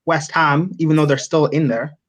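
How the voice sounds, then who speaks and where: A man in a casual football chat, talking in a measured, reasoning way. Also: a little high, fairly even intonation. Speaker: football pundit.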